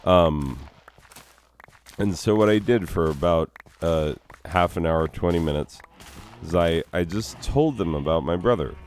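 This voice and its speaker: Very deep, slow-talking grieving man. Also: darkish tone, a little hiss or hum. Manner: reflective, philosophical musing. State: emotional, grieving. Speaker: teacher. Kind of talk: casual spoken monologue.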